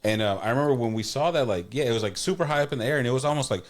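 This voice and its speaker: A man in casual podcast chat, recalling his childhood in a soft, laid-back way with many agreeing yeahs. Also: mid-range voice, racing. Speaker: podcast co-host or guest.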